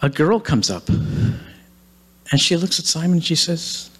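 A man's voice: on the high side, big pitch swings, measured pace, a bit bright, slightly rough. A man preaching, retelling a story dramatically and acting out the quoted lines. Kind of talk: sermon storytelling. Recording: long hall reverb.

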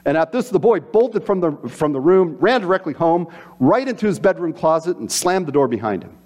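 A man's voice: on the high side, fairly quick. A man preaching a sermon, telling stories with acted-out quotes and voices. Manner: animated storytelling with voiced quotes. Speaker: pastor.

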